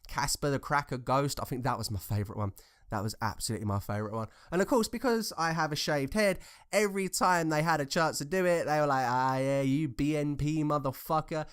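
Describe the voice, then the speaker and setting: A man's voice: on the high side, expressive, quick pace, a bit bright. A man giving casual, rambling commentary, telling anecdotes in a blunt, profane, conversational way. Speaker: commentary vlogger.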